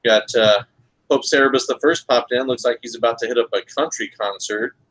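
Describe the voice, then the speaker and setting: Male podcast co-host, casual and relaxed, jokey banter, mid-range voice. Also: mid-range voice, fairly quick, rough recording. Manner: laid-back, jokey, reads out chat comments. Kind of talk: casual chat.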